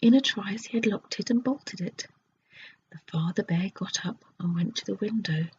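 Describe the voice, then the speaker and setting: A woman reading a children's fairy tale aloud in a soft, unvoiced ASMR whisper. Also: mid-range voice, moderate pace. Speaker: ASMR storyteller. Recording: dull lo-fi recording with faint hiss.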